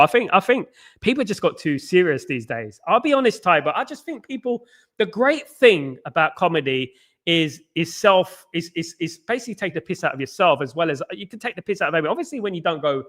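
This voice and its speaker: A man's voice: a little high, sharp tone. A man hosting a live football watchalong, chatting casually and rambling as he answers viewers' comments. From England. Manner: chatty and rambling, many restarts and fillers, talks straight to viewers.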